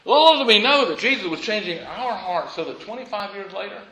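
A middle-aged man, a pastor, preaching a sermon in a lively, emphatic way with frequent chuckles. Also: high voice, a little fast, a crowd in the background, poor audio.

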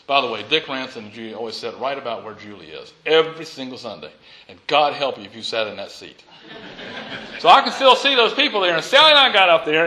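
A middle-aged man, a pastor, preaching a sermon in a lively, emphatic way with frequent chuckles. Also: on the high side, low-quality recording.

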